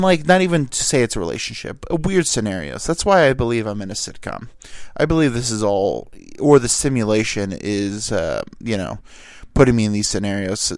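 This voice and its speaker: A man's voice: fairly low pitch, dry recording, clean studio sound. A young man telling crude, self-deprecating stories alone in a rambling, joking way as a podcast host. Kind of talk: solo comedic storytelling. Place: alone in a small dry room.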